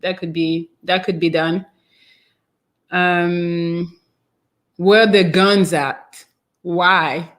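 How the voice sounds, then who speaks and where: A woman's voice: on the low side, fairly even intonation, extremely slow, pauses often, fairly bright tone. A French-accented woman hosting a casual live stream, chatting and reading out viewer comments in a meandering way. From France. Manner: chatty and meandering, trails off with fillers.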